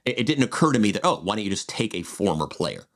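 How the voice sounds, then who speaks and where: A man's voice: fairly low pitch, sing-song, fast talker. A man in his forties co-hosting a podcast, chatting in a digressive way with frequent restarts. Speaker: podcast co-host. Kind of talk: casual chat.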